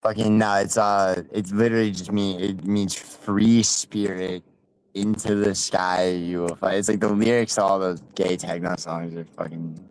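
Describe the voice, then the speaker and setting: A deep-voiced man hosts a loose panel stream, swearing freely and restarting his sentences as he rambles. His voice sits very low and the sound is dry and close. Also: fairly even intonation, moderate pace, a little mellow, dry recording, low-quality recording. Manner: profane, rambling, restarts a lot. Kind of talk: casual panel chat.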